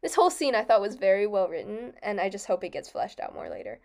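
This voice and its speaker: A young woman co-hosting a casual book discussion, chatty and quick to laugh, often restarting and correcting herself. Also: mid-range voice, wildly swooping pitch, gravelly, a little mellow. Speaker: podcast co-host.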